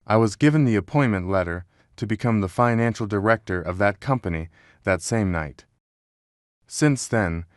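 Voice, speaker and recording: A man narrating a scripted dramatic story in an even, measured reading. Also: lowish voice, dry recording, clean studio sound.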